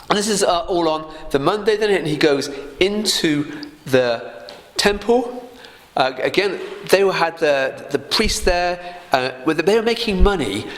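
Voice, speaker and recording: A man's voice: a little high, fairly bright tone. A man giving a casual Bible teaching in a conversational way, often laughing lightly and asking rhetorical questions.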